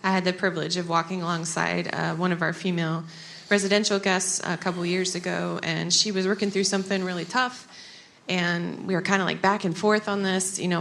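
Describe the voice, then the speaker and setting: A woman's voice: fairly low pitch, vocal fry, fairly bright tone. A woman on a ministry panel, telling a story in an earnest, heartfelt way. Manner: earnest, storytelling, self-described crier. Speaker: panel speaker, ministry worker. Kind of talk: panel discussion.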